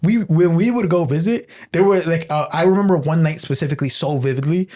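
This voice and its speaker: A man's voice: on the high side, fairly quick, a little mellow. A young American man chatting casually on a podcast, swearing freely and telling stories with lots of "like" and "you know". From United States. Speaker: podcast co-host. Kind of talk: casual chat.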